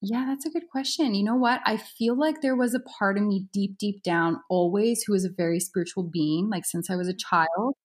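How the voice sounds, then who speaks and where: Brief: young woman, coach being interviewed, thoughtful, chatty, mid-pitched. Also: moderate pace, hardly any pauses, husky. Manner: reflective, uses many fillers like "you know" and "right". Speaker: yoga instructor and mindset coach. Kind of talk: casual interview conversation.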